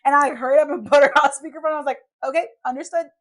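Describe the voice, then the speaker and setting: A woman's voice: sits high, rapid-fire. A young woman hosting a podcast, telling stories in a casual chat and acting out the people she quotes. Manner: animated storyteller, acts out quotes. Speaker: podcast host. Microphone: podcast microphone.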